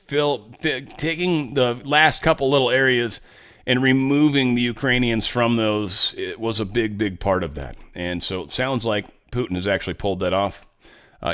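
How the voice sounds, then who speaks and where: A man's voice: medium pitch, fairly bright tone, clean tone. A man hosting a casual political commentary monologue, blunt and rambling, often stammering and repeating words. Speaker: host.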